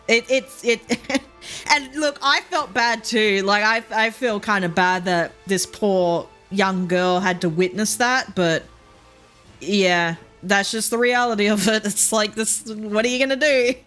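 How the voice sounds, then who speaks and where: A woman's voice: mid-range voice, unhurried, a bit bright. A young Australian woman chatting casually as a streamer while gaming, rambling, swearing freely and laughing often. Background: faint game music.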